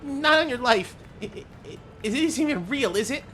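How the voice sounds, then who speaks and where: A man voicing a jumpy male game character who is afraid of lava, stammering in a high, squeaky voice. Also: lively intonation, normal speed, faint music behind. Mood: nervous.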